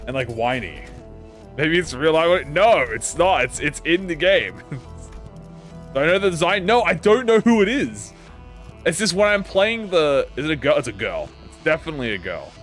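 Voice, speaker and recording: A man's voice: on the high side, sing-song, moderate pace, a bit bright, soft background music. A man streaming a game, chatting casually with rambling, profane talk and stammered restarts. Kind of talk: casual live-stream chat.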